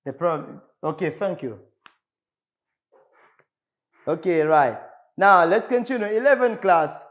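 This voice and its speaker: A man from the Congo teaching an English lesson on television, slowly repeating words for his class. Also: high voice, a bit bright. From Republic of the Congo. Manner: slow, repetitive, drilling words for the class.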